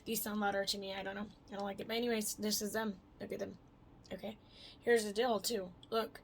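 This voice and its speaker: A young woman with a mid-range voice vlogs fairly quickly in a flat delivery, slight background noise audible. Her chatty, rambling talk is loaded with fillers and frequent swearing.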